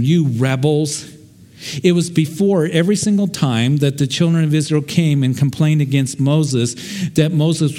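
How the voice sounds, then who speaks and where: Pastor guy preaching, warm mellow tone, earnest and chatty. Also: mid-range voice. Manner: earnest, conversational preaching with dramatic quoted voices. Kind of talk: sermon.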